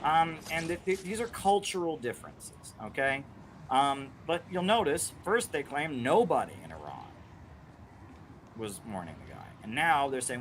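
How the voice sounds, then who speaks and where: A man's voice: mid-range voice, very animated, moderate pace, fairly bright tone, a little hiss or hum. A man streaming and chatting casually through viewer questions, rambling with many restarts and frequent "right?" and "you know" asides. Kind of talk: casual livestream chat.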